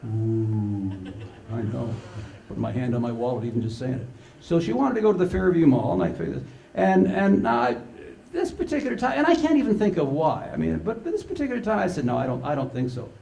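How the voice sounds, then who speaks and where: Gravelly older man telling stories. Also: on the high side, fairly quick, a little hiss or hum. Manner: animated storyteller acting out dialogue. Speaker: conference speaker. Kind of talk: humorous keynote storytelling. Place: large conference hall with live audience. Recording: echoey conference hall.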